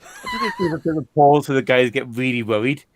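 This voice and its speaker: Man, casual podcast chat, enthusiastic, lively pitch. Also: quick pace, slight background noise. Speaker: podcast co-host.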